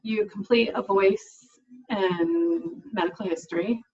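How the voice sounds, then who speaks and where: A woman's voice: mid-range voice, takes it slowly, darkish tone, breathy edge, lo-fi sound. A woman speech language pathologist giving an explanatory talk to camera, with frequent fillers and restarts.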